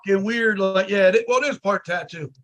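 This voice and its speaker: A man's voice: sits high, a little fast, fairly bright tone, highs cut off, slight background noise. A man telling a profane story in casual chat, acting out the quoted lines as he goes. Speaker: podcast guest.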